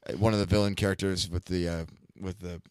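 Low-voiced man sharing movie trivia. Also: flat delivery, darkish tone, smooth, no room sound, clean studio sound. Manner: halting, full of fillers. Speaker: podcast co-host. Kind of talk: casual movie chat.

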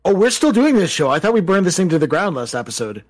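A man's voice: high voice, very animated, fast talker, dry recording. A Canadian man co-hosting a live podcast, joking in a dry way. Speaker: podcast co-host. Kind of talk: casual live podcast chat.

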